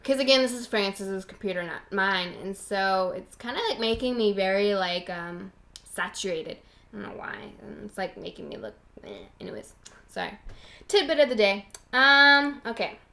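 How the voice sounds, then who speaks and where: A woman's voice: medium pitch, animated, moderate pace, creaky, sharp tone. A young woman hosting her own podcast from home at a computer, rambling in loose casual chat, full of "like" fillers and the odd swear. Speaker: podcast host.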